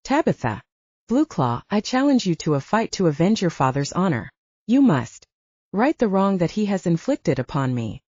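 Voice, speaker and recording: Booming vengeful minotaur chief, voiced by a woman, dark tone, dull lo-fi audio. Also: very animated, moderate pace, husky, no echo. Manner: booming, menacing.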